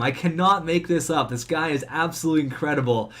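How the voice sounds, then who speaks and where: A young man giving excitable play-by-play commentary on his own video game hockey season, fast-talking and swinging between cheering and groaning. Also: medium pitch. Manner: talks fast. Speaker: gaming commentator.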